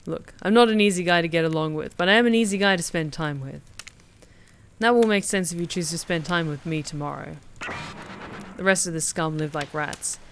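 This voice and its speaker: A woman voicing a gruff, brooding male killer in a dating game, speaking low and menacing. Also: fairly quick, slight background noise, lightly acted.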